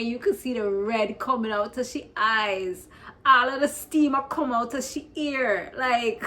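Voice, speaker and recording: A woman's voice: medium pitch, a little hiss or hum. A New York woman casually recapping a TV episode, laughing often and acting out the characters' lines. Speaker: recap vlogger.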